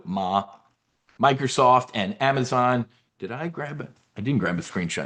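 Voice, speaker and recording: A man's voice: medium pitch, animated, moderate pace, a bit bright. A man hosting a live trading brief, talking in a brash, boastful, rambling way. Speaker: trading newsletter host. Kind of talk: live market commentary.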